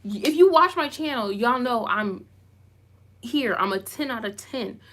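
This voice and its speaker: A woman's voice: on the high side, animated, measured pace, fairly bright tone. A woman YouTuber doing live commentary and reading comments, talking emphatically and repeating herself for emphasis. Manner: self-described goofy.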